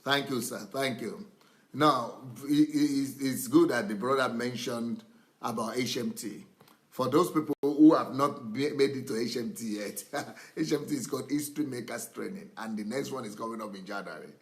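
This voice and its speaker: A man's voice: medium pitch, normal speed. A man, a pastor, taking a call during a service and talking in a friendly way. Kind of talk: live Q&A with callers.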